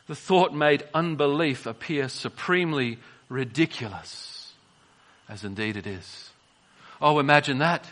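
High, bright-voiced male preacher. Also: a little slow. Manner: dramatic swings between soft and emphatic delivery. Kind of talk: sermon.

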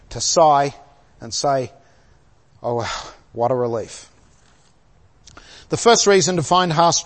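An older man preaching a sermon, telling a personal story with light chuckles and asking his listeners questions. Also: fairly high pitch. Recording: long hall reverb.

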